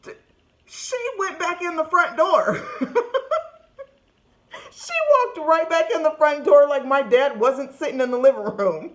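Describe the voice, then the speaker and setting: A woman from California tells funny childhood stories straight to the camera, laughing often and acting out what people said in a lively way. Her voice is high-pitched and measured, with long pauses, recorded close up on camera.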